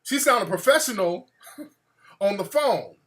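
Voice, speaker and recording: A man hosting his own show, telling a comic story with profane, animated energy and bursts of laughter. His voice sounds bright and sharp and swings widely in pitch. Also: measured pace. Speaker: show host.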